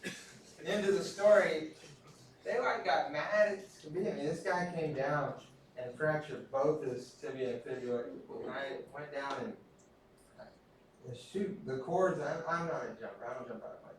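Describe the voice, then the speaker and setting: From a distance in a large, echoing classroom, a Texan instructor speaks at a moderate pace in a slightly high voice with some hiss or hum. His lecture style is casual storytelling that pokes fun at himself.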